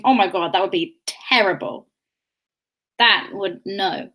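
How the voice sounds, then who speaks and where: A woman's voice: mid-range voice, normal speed, a bit bright. A woman from London with a fairly posh southern English accent that has a slight London undertone, chatting casually on a livestream while doing her makeup, laughing often and drifting into tangents. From England, London. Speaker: livestream host.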